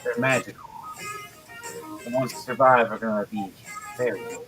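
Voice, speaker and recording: A man voicing a gruff older male dwarf lord who smokes a pipe, talking bluntly and slowly. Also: mid-range voice, over music, close to an everyday voice, rough recording.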